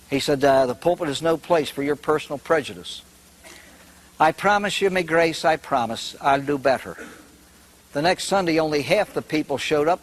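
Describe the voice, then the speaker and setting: A man's voice: a little high, low-quality recording. An older man, a priest, telling humorous stories animatedly and acting out the characters. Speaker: priest and speaker. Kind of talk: humorous storytelling talk.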